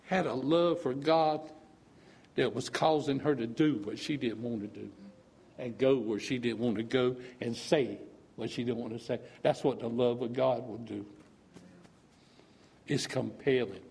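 A man's voice: medium pitch, fairly even intonation, unhurried, gravelly, a little mellow, husky. An older man giving a fervent preaching testimony in church, rising to emphatic peaks. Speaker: church speaker.

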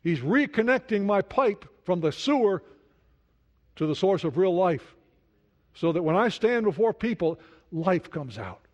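Man preaching a sermon, earnest, slightly high pitch, dull lo-fi recording. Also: sing-song, a little slow. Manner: earnest, drops to a soft hush on prayers. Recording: dull lo-fi sound.

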